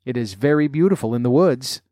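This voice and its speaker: A man voicing a sly, wicked male wolf who talks in a smooth, coaxing way. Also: medium pitch, animated, a little fast, warm tone, dry recording, studio quality, close to an everyday voice.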